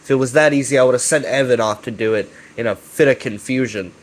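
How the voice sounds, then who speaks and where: A man's voice: medium pitch, fast, lightly acted. A man voicing a sinister male entity who taunts his victim, in a mocking and profane way while recapping a web series. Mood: taunting.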